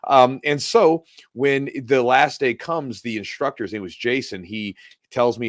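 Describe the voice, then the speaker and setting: A male podcast co-host at a middle pitch, talking casually with a friend. He tells stories with energy and acts out the voices of the people in them. The recording is close and dry, with no room echo. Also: fairly quick. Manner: animated storyteller, acts out voices in the story. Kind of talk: casual chat.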